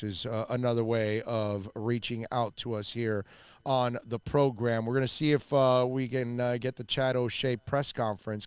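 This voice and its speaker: Male radio host, Miami accent, smooth clear voice, dry close sound, chatty with fillers. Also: mid-range voice, dry recording. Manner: loose and chatty, many fillers. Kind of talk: casual sports radio talk.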